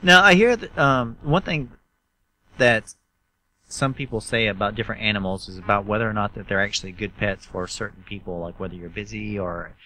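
A man's voice: fairly low pitch, a little fast, bright, forceful tone. A man with a Southern US accent hosting a talk show interview, enthusiastic and chatty. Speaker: host.

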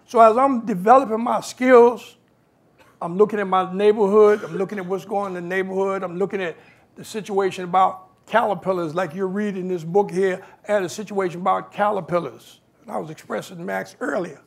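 A man's voice: sits high, brisk, vocal fry. A man, telling stories from his life as a guest speaker and acting out the voices of people in them. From New York. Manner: animated, acts out quoted voices. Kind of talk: storytelling talk.

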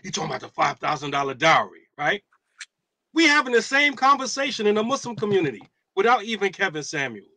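Brief: man, panel imam, joking and animated, slightly high, bright and close. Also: quick pace, dry recording. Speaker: imam on a roundtable. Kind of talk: casual panel discussion.

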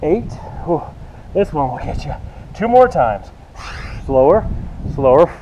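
A man's voice: a little high, sing-song, slow, lo-fi sound, background noise. Breathless man coaching a workout. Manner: cueing moves and counting reps while exercising. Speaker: fitness instructor.

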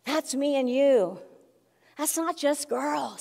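A woman's voice: sits high, lively intonation, slow, gravelly, a little mellow, long reverb tail. A woman in her forties preaching a sermon, emphatic and emotional, often exclaiming. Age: 40s. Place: church sanctuary.

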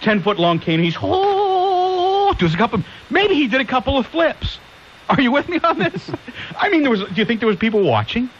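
The voice is extremely high-pitched, with big swings, at a normal speed: a man hosting conservative call-in talk radio. Rambling along, he repeatedly asks listeners rhetorical questions. The audio is the hissy, lo-fi sound of 1990s AM radio.

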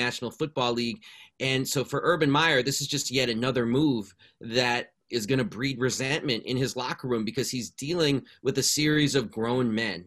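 A man on a sports panel arguing his point emphatically, stacking up sharp rhetorical lines. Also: medium pitch. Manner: emphatic, building rhetorical lists. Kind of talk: panel discussion.

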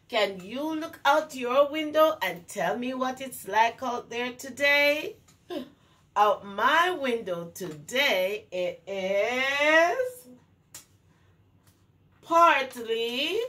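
A woman leads circle time for small children in a bright, higher voice, sing-song and animated. She talks slowly and gasps with delight. The mic sits at a distance and picks up faint background noise. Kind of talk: talking to young children.

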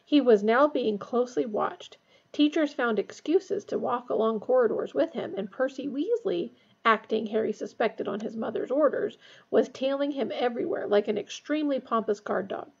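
Woman narrator reading aloud, higher pitch, gravelly, husky, dull lo-fi recording. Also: normal speed, a little mellow. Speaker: reader.

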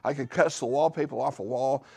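Speaking a little fast, a middle-aged male pastor uses a husky voice with vocal fry, recorded without room sound in a church sanctuary. His charismatic preaching dips into low asides before climbing to loud statements and playful jabs.

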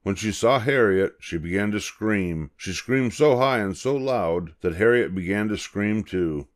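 An older man, a grandfather, reading a children's book aloud in a measured, gentle way. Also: fairly low pitch, lively intonation. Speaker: storyteller.

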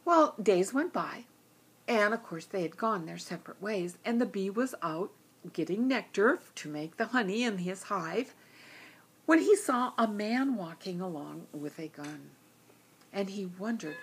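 A woman telling a children's story, a storyteller with a gentle, animated way of speaking. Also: mid-range voice, unhurried, music in the background.

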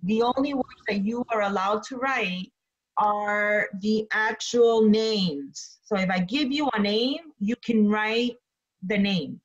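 A woman teacher giving an online English lesson, slowly repeating instructions and then reading a story aloud. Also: mid-range voice, dull audio. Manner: slow, deliberate, repeats instructions.

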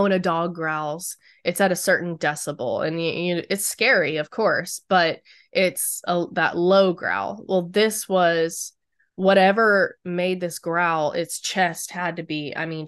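A woman with a slightly low voice tells a spooky encounter in an interview. She talks casually, full of likes and ums, as she relives a frightening night. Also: no echo, studio quality. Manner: animated storytelling with many likes and ums. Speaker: Bigfoot researcher. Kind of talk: interview storytelling.

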